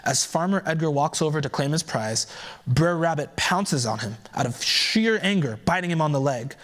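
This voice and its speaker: A man giving a keynote by telling a folktale aloud in a relaxed storytelling manner, adding conversational asides as he goes. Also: a little high, moderate pace. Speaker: keynote speaker. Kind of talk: oral storytelling.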